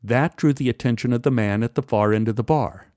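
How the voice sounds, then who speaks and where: A man telling a personal story as a podcast host, with measured, wry narration. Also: mid-range voice, a little mellow, no echo, studio quality.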